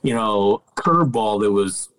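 A man's voice: fairly low pitch, expressive, measured pace, a bit bright, rough recording. A middle-aged man, a podcast guest, casually telling stories, laid-back, swearing freely and laughing as he goes. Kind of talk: casual storytelling.

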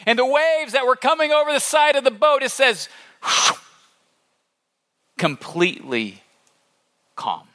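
A male pastor preaching a sermon in an animated, conversational storytelling manner. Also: very high-pitched, unhurried, long pauses.

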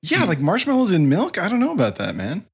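A man's voice: high voice, wildly swooping pitch, fairly quick, husky. A man co-hosting a podcast, easygoing and chatty, with hesitant fillers. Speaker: podcast co-host. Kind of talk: casual podcast chat.

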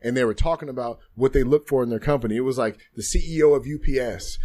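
A man's voice: medium pitch, quick pace, mellow. Earnest man telling his story. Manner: earnest, reflective, repeats phrases. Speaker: guest, former football player. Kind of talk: candid interview storytelling. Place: podcast studio.

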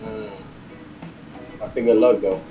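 A man co-hosting a sports podcast in casual chat, chiming in with quick agreements. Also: lowish voice, echoey room, muffled recording, soft background music. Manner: quick agreeing interjections, lively. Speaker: podcast co-host. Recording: distant from the mic.

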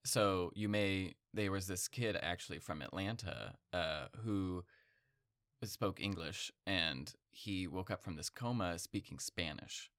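A man with a fairly low voice co-hosting a podcast, casually walking his partner through a topic. He laughs easily between points. The sound is dry and close to the mic. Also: slow, fairly bright tone, no room sound. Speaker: podcast co-host. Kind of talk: casual chat.

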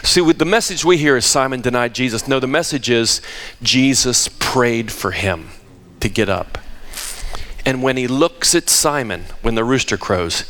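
A man preaching a sermon, asking rhetorical questions and dropping to hushed tones for emphasis. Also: animated, normal speed. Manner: dramatic, drops to hushed low tones for emphasis; asks the audience rhetorical questions.

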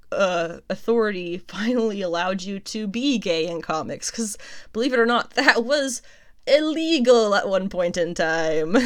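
A young woman talks through the latest comic book news in a loose, chatty way. She laughs often, trips over a name and then fixes it, and sits at an everyday middle pitch for a woman. Her tone stays conversational, never scripted. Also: clean tone. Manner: chatty and animated, laughs often, corrects herself mid-sentence. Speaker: pop culture news host. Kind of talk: casual news commentary.

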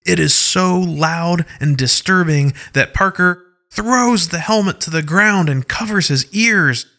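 A man narrating an audio science-fiction story in an even, descriptive way. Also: high-pitched, unhurried.

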